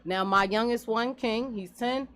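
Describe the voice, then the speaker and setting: A woman in her forties, a guest business owner in a radio studio interview, talking in an earnest, animated way. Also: fairly high pitch, measured pace. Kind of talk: casual interview talk.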